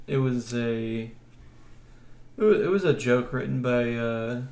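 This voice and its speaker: A man co-hosting a comedy podcast, talking in a halting, deadpan way. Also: mid-range voice. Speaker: podcast co-host. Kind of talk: casual chat. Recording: echoey room with faint noise.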